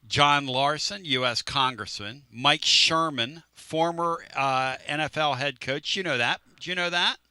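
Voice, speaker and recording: A man's voice: on the high side, unhurried, hardly any pauses, sharp tone, clear, resonant tone, no echo. A man hosting a sports talk radio show, teasing his co-hosts and rambling through stories in a casual way. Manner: brash, rambling, teasing storyteller. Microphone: studio microphone.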